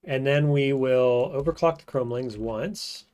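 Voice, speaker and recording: A male roguelike streamer offers casual, think-aloud commentary that regularly slips into quiet muttering. His tone is clean, his pitch medium, and his pace measured.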